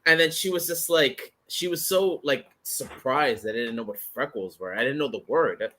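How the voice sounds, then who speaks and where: A man's voice: medium pitch, normal speed, slight background noise. A man telling a story in a casual group chat, swearing freely and repeating himself for emphasis. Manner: animated, profane, repeats himself.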